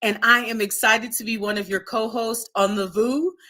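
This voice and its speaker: A woman's voice: fairly high pitch, steady tone, moderate pace, bright, forceful tone. Bubbly Minnesota-accented woman co-host. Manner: bubbly, playful, chatty. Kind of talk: casual chat.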